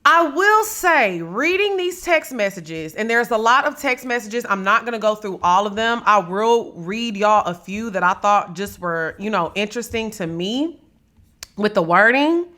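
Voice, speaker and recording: Sassy bright-voiced woman podcast host. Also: mid-range voice, animated, measured pace. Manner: sassy, blunt, swears freely, dramatic. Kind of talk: casual gossip commentary.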